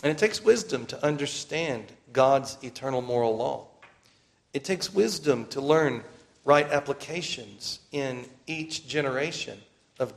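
Male preacher, mid-pitched and gravelly, earnest sermon delivery with slow emphatic repeats. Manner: earnest, emphatic repetition, slows down for key phrases. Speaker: pastor.

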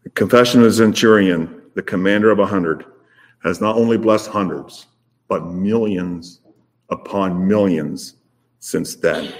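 A man preaching a sermon, rising to loud emphatic peaks and then dropping to soft, low phrases. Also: a little slow.

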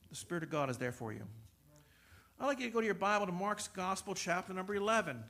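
A man preaching in a church, high-pitched, telling a personal story and slipping in jokes along the way. His voice is bright and forceful, and it drops from loud preaching to soft confiding and back. He stumbles over words and repeats them when he gets going. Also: very animated, fairly quick. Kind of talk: sermon.

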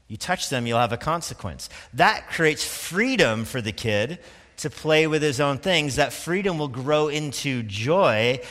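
Pastor, male, conversational sermon delivery, bright and forceful tone, long hall reverb. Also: fairly high pitch. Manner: conversational preaching with quick asides and laughs.

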